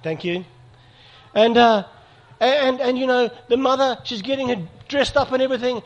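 A man's voice: extremely high pitch, normal speed, creaky, highs cut off. A middle-aged man giving an earnest talk to an audience, telling stories. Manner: storytelling, earnest, with acted dialogue. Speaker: speaker. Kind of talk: sermon to a live audience.

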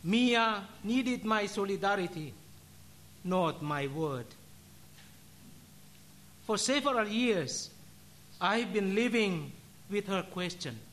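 A religious brother giving a solemn sermon, telling a story and ending in prayer with measured, deliberate delivery. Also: male voice, high-pitched, animated, fairly bright tone.

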